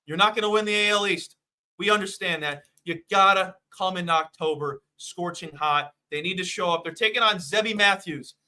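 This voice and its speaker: A man hosting a sports betting show, talking in a hyped, jokey, fast-riffing way. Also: high voice, pushed and bright. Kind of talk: casual sports betting chat.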